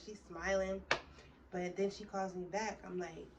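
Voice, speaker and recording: A woman's voice: medium pitch, steady tone, a little slow. A young woman telling a story casually, rambling and swearing a lot as she goes. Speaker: storytime vlogger. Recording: distant mic with faint room noise.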